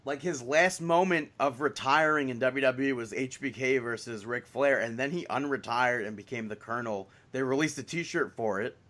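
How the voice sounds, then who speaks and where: A man's voice: mid-range voice, normal speed, hardly any pauses, a bit bright. Rambling podcast guy, loose and chatty. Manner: rambling, heavy use of "like". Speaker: podcast co-host. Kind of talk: casual wrestling chat.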